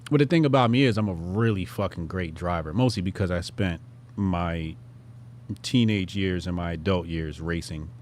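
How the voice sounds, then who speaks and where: A man in his thirties hosting his show, telling a casual story with profanity and sudden loud, excited bursts. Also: low voice, moderate pace, a little hiss or hum. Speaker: show host.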